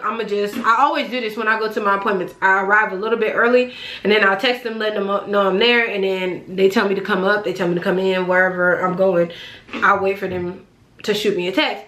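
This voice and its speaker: A young woman telling a story to her vlog in a casual way, animated and exasperated, swearing freely as she recounts it. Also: on the high side. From California, Bay Area region. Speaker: vlogger. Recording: echoey room.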